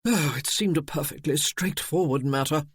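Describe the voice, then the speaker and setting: A man's voice: fairly high pitch, moderate pace, breathy edge, no room sound, studio quality. A man voicing a curt, impatient aristocratic earl in a storybook reading. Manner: curt, dismissive.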